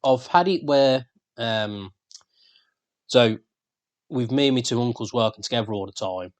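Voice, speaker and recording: A man's voice: medium pitch, unhurried. A man with a Birmingham accent co-hosting a podcast in casual, sweary banter. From England. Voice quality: sweary, laid-back banter. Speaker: podcast co-host. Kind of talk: casual chat.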